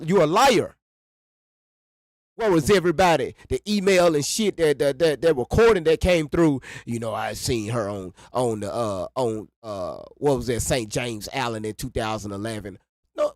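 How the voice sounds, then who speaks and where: A man co-hosting a reaction stream, angry and profane, hammering his points by repeating them. His voice is fairly high for a man. The sound is dry and close. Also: gravelly, no echo. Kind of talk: heated reaction commentary.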